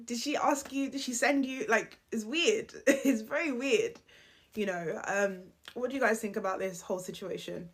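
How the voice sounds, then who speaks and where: A woman's voice: fairly high pitch, moderate pace, husky. A woman giving reaction commentary in an exasperated, questioning way.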